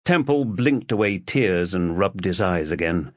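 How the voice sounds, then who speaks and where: A man narrating an audiobook in a measured storytelling manner, in a dull lo-fi recording. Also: fairly low pitch, lively intonation, no echo. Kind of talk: scripted narration.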